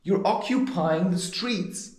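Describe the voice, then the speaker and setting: A spiritual advice vlogger with a high-sitting voice speaks slowly in a roomy-sounding space. In a heated, animated, ranting monologue, he recounts a confrontation and muses on how he reacts to people, storyteller-style.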